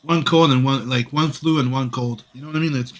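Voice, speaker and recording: A man's voice: mid-range voice, fairly even intonation, brisk, slight background noise. Sick male streamer, casual rambling chat while drawing. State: sick with a cough. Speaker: comic artist streaming.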